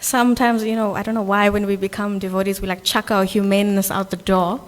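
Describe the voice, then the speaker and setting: A woman's voice: medium pitch, little pitch movement, fast talker. A South African woman giving an earnest, conversational sermon at a Sunday temple gathering, often checking in with "right?". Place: temple hall. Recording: long hall reverb.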